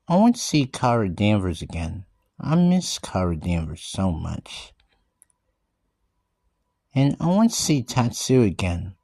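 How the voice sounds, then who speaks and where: A man giving an earnest in-character monologue, talking haltingly with restarted words and often calling out to everyone. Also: mid-range voice, a little mellow, no room sound, clean studio sound. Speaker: vlogger describing himself as a wildcat.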